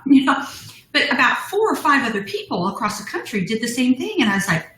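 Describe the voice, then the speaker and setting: A woman's voice: high voice, very animated, a little fast, fairly bright tone, roomy sound, poor audio. A middle-aged woman, a business founder, telling her story as a guest in a live interview, bubbly and laughing often. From United States.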